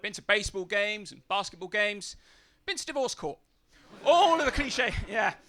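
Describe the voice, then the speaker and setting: A man's voice: high voice, animated, moderate pace, bright, forceful tone. A man doing a stand-up set on a comedy club stage, with a brash, sweary, mocking delivery.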